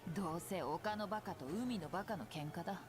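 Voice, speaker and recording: A woman voices a calm officer who dryly dismisses the trouble, rattling off her lines very fast. Game music sits behind her. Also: lowish voice, lightly acted. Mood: dismissive. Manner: dry, dismissive.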